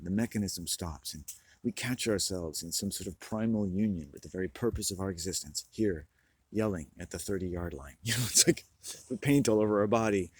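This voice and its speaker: A man's voice: low-pitched, fairly quick, a little mellow, husky, dry recording. A man talking in a rambling, self-mocking comic monologue, often breaking into laughter.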